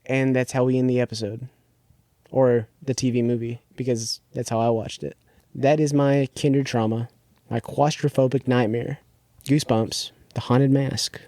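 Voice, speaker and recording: A man co-hosting a podcast in a loose, rambling way, his voice warm and mellow at an everyday pitch. He leans on fillers and slips into quick quoted bits. The sound is close and dry. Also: level tone, dry recording. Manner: rambling retelling with filler words and acted-out quotes. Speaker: podcast co-host. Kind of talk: casual chat.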